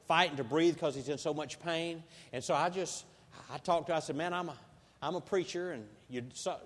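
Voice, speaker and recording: High-voiced preacher in a hall. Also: male voice. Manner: folksy storytelling with surges of loud emphasis. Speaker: pastor. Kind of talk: sermon. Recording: long hall reverb.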